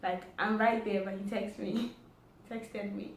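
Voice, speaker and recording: A woman's voice: medium pitch, little pitch movement, takes it slowly, distant mic. Female vlogger, casual storyteller, acts out dialogue; echoey room with faint noise. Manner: chatty, acts out quoted dialogue. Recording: roomy echo, faint background noise.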